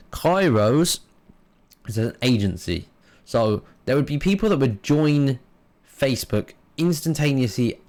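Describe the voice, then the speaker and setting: A man hosting his own podcast, talking frankly and casually with plenty of fillers and the odd swear word. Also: lowish voice. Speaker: podcast host and streamer. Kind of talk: casual solo podcast monologue.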